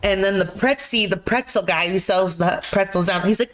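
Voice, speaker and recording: A woman's voice: mid-range voice, normal speed. Chatty woman rambling through a movie recap. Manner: rambling, laughing retelling with filler words. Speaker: podcast co-host. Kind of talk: casual movie chat.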